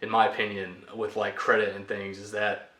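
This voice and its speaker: Young man venting in a personal vlog, bright and fed up, roomy sound. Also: lowish voice, level tone, moderate pace. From United States. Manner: exasperated, ranting. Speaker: vlogger. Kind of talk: frustrated personal rant. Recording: echoey room.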